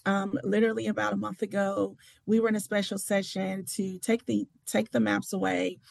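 Gravelly-voiced impassioned woman senator. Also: medium pitch, little pitch movement, normal speed, a little mellow, no room sound. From Tennessee. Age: adult with children. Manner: impassioned, emphatic, restarts often. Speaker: state senator. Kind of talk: political interview talk.

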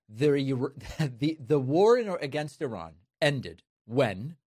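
A man in the middle pitch range delivers opinion commentary with emphatic, sardonic punch. His voice is recorded close and completely dry, with no room sound at all. He counts off his points deliberately. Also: darkish tone, dry recording. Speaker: political commentary host.

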